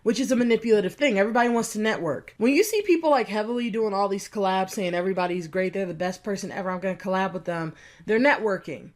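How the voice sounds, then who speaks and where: A woman's voice: medium pitch, quick pace. A woman giving indignant, sarcastic reaction commentary, swinging between mocking and scolding. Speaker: commentary YouTuber.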